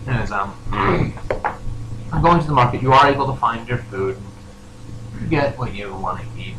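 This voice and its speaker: Young man, game master, lively up-and-down voice, roomy recording, clear noise. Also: mid-range voice. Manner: halting, full of ums and restarts. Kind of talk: narrating a tabletop role-play.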